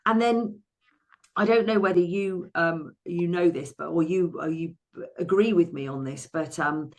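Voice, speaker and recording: A therapist and money coach from England, in her sixties, tells her life story as an interview guest. She's lively, often restarting sentences and playfully acting out quotes. Her pitch is fairly low and her pace a little slow.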